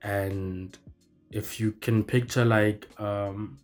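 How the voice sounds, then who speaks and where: A man's voice: lowish voice, fairly even intonation, drawn-out words, soft background music. A young man telling a story casually, rambling with lots of fillers and restarts. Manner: rambling, filler-heavy, self-correcting.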